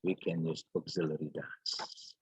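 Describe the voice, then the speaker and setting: A man teaching an English grammar lesson, slowly repeating words and examples with many fillers. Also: extremely low pitch, level tone, breathy edge. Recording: dull, lo-fi.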